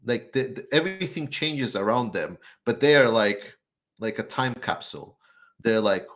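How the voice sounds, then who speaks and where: A man's voice: fairly low pitch, moderate pace, fairly bright tone. A man appearing as a guest YouTuber in a live Q&A chat, speaking bluntly and sarcastically.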